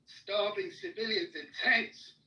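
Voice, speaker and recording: A high, bright-voiced man argues in a furious rage, swearing in nearly every sentence and cutting the other person off. The sound is roomy and echoey. He is picked up from some distance from the mic. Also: measured pace. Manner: furious, swearing constantly, shouting down his opponent. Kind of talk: heated argument.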